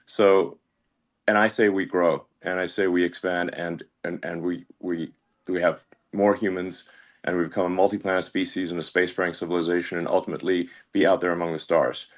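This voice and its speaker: A man as a guest in a casual conversation, halting and stammering through many restarts. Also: low voice, little pitch movement.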